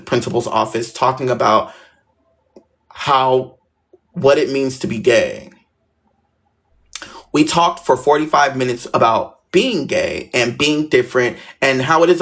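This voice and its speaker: A man's voice: medium pitch, unhurried. A young man casually telling a personal story, acting out the voices of the people in it. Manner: animated, acts out quoted voices.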